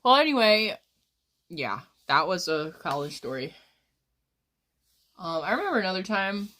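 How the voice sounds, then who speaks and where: A woman's voice: sits low, animated, moderate pace, sharp tone. A woman in her twenties, a streamer rambling through crude stories in casual chat. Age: 20s.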